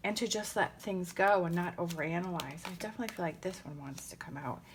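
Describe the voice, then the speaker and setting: A woman giving a casual tarot reading in a gentle, rambling and emotional way, with many pauses and fillers. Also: on the low side, slight background noise. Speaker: tarot reader.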